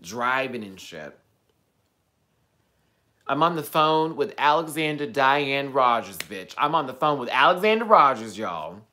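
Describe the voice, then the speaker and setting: Sassy animated man ranting. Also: measured pace. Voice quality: animated, sassy, profane, swings between loud outbursts and low asides. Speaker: vlogger. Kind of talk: casual storytelling rant.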